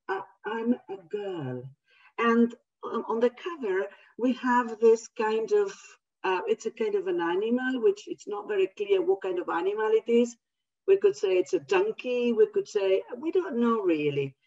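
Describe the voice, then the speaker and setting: Woman educator, non-native English speaker, lively high voice, breathy, reading picture books aloud, distant dull lo-fi recording. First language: not English. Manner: animated, expressive storyteller.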